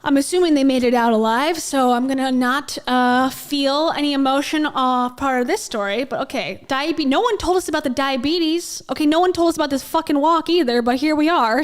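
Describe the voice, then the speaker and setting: A woman hosting a casual reaction commentary, sarcastic, laughing and swearing as she talks. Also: high-pitched. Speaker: commentary host.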